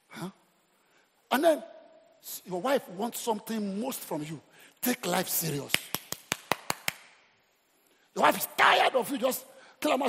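Animated Nigerian pastor, gravelly and lively. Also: male voice, high-pitched, a little slow, long pauses, a little hiss or hum. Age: middle-aged. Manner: animated, humorous, exhorting the crowd. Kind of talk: sermon. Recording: reverberant hall.

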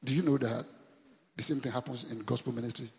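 Gravelly Nigerian pastor preaching in a hall. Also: male voice, mid-range voice, fairly even intonation, fast talker, darkish tone. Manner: preachy call-and-response, repeating lines to the congregation. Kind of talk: sermon. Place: church.

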